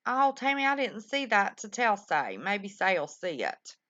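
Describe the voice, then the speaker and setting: A woman hosts a live-stream show, chatting folksily and affectionately with callers and viewers. Her medium-pitched voice is sing-song, bright and forceful, moving at a measured pace. The lo-fi stream audio sounds dull but has no echo.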